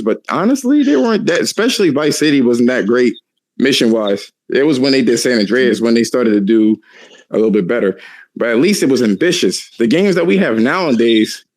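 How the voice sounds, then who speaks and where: A man hosting a casual podcast, ranting animatedly and cursing a lot. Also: mid-range voice. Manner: profane, animated ranting with laughs. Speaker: podcast host.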